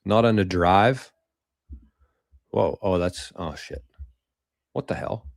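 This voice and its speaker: A man hosting a casual livestream, reading viewer comments aloud in a loose, swearing, chatty way with quick laughs. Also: deep voice, gravelly, no echo, studio quality. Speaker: livestream host.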